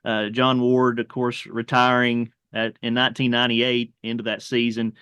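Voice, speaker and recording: A male radio host in a studio asks a guest about his career. His voice is smooth and resonant but fairly flat in pitch, heard dry and close to the mic, with short encouraging replies. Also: moderate pace, no echo. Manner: brief encouraging interjections. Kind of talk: interviewer.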